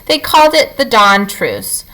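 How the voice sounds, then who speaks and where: A woman reads a children's book aloud with animated expression. Her voice is bright and clear, rising and falling freely to keep the story lively. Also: a little high, unhurried, poor audio. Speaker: reader.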